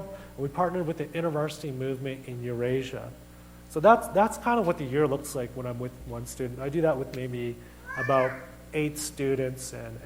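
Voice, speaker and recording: A young man delivers a sermon in a relaxed, storytelling manner, slipping into quoted voices and poking fun at himself. His voice sits somewhat higher than most men's. A faint hum runs under the recording. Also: rough recording. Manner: casual, chatty, self-deprecating humor, acts out quoted dialogue. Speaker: guest preacher. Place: church sanctuary.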